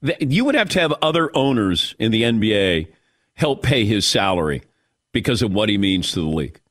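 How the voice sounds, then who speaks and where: A man's voice: fairly low pitch, a little fast, no room sound. A man hosting a sports radio show, casually talking basketball and teasing his co-hosts. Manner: lively, teasing, expressive. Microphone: studio microphone.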